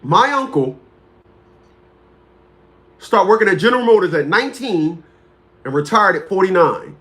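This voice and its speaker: A man's voice: high-pitched, expressive, normal speed, fairly bright tone. A man in his fifties hosting a talk show, telling a story in a rambling, casual way, repeating words and greeting viewers by name. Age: 50s.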